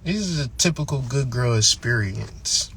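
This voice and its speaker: A man's voice: mid-range voice, expressive, a little slow, fairly bright tone, slight background noise. A man hosting a channel, delivering a blunt, profane, emphatic ranting monologue. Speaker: channel host.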